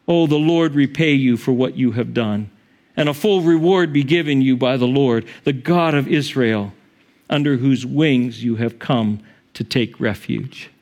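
A man's voice: mid-range voice, measured pace, natural voice. A man preaching, voicing a kind, protective landowner who speaks reassuringly. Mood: solemn. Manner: warm, reassuring.

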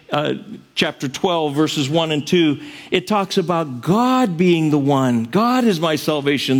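His sermon is direct and sincere, and the quoted verses bring out loud cries. The man's pitch runs a little high.

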